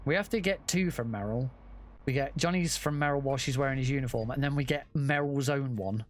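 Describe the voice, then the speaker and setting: A man's voice: mid-range voice, fairly quick. A man giving casual, chatty commentary while playing a game, often correcting himself and swearing offhand. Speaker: speedrunner.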